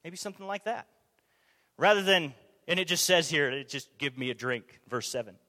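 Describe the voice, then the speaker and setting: Man, preacher, high voice, conversational sermon, rhetorical questions to the crowd, long hall reverb. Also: moderate pace. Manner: animated, asks the audience rhetorical questions.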